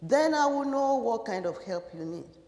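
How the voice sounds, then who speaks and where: A woman voicing a gentle, reassuring female biology professor in a spoken story. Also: fairly high pitch, expressive, normal speed, natural voice. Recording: echoey hall reverb.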